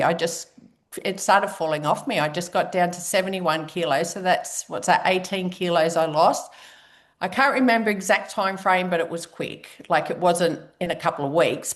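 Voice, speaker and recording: A woman, a guest speaker telling her personal story in a chatty way, acting out her own past reactions. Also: fairly low pitch.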